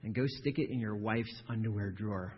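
A man preaching a sermon, emphatic, building to forceful stressed phrases and repeating words. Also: on the low side, fairly quick, slight background noise. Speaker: pastor. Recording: dull sound with long hall reverb.

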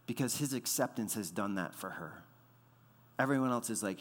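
A man's voice: lowish voice, lively intonation, moderate pace. Man preaching in a reverberant hall. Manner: conversational preaching with frequent fillers and repeated words. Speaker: pastor. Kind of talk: sermon.

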